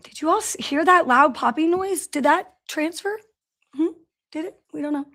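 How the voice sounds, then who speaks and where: Chatty woman host on a company livestream, high voice, talks from an office. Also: moderate pace, fairly bright tone. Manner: chatty storyteller, greets viewers by name. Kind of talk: casual livestream chat. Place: office in a large factory building.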